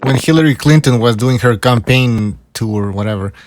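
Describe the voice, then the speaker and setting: A man's voice: medium pitch, normal speed, no room sound. A man co-hosting a casual boxing podcast, talking in a wry, exasperated, profane way. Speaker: podcast co-host.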